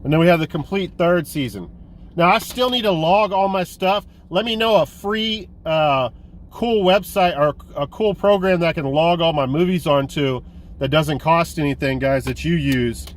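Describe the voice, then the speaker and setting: A man hosting a casual collecting vlog, excited and rambling, swearing now and then. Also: a little high, moderate pace, a little hiss or hum. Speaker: host of a physical media collecting vlog.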